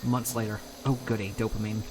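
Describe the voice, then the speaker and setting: A man's voice: fairly low pitch, little pitch movement, fairly quick, poor audio. Man, casual gaming chat, self-mocking, laughing, faint background music. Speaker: streamer.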